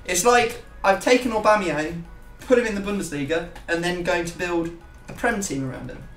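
Young man, casual gaming chatter, rambling, higher voice, roomy echo, set back from mic. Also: moderate pace, fairly bright tone, recorded from a distance, soft background music. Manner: rambling, self-mocking banter. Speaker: YouTube gaming host.

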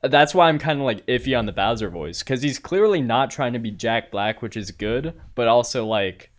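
A young man co-hosting a podcast, chatting casually in a joking, animated way. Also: mid-range voice, normal speed. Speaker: podcast co-host. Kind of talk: casual chat.

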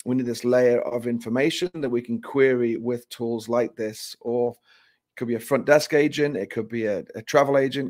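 A man giving a casual, joking product demo, relaxed and restarting phrases as he goes. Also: mid-range voice. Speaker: company presenter.

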